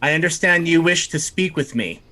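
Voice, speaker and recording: A man voicing a poised, diplomatic woman ambassador who speaks calmly and courteously. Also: a little high, a little hiss or hum, pitched above the performer's own voice. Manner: calm, measured, courteous.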